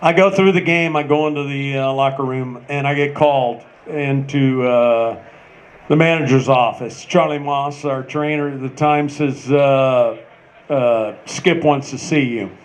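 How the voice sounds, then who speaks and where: A man in his sixties, a retired ballplayer telling a long story on stage, with many pauses and fillers. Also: medium pitch. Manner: rambling anecdotal, many "uh" pauses. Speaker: retired ballplayer, panel guest. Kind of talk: storytelling at a live panel.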